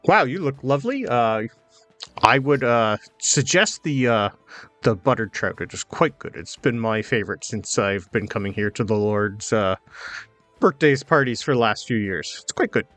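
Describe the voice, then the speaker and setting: A man's voice: medium pitch, lively intonation, normal speed, a bit bright, dry recording, soft background music, lightly acted. A man voicing a tipsy, jovial old masked nobleman in a tabletop game. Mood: friendly.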